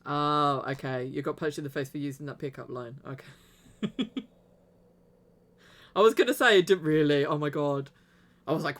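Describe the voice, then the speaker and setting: A woman's voice: sits low, normal speed, long pauses. A woman chatting casually on a gaming livestream, laughing often and reading the game text aloud. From Britain. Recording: loud game music behind the voice. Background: game music.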